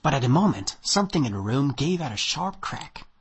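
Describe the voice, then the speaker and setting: A man narrating a short story in an audiobook reading, with expressive storytelling and a dry, measured delivery. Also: medium pitch, breathy edge.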